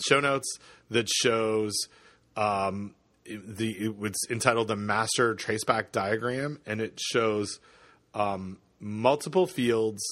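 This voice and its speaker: A man co-hosting a podcast in casual chat, halting with many fillers and restarts as he reads listener feedback. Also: fairly low pitch, a bit bright, no echo. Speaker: podcast co-host.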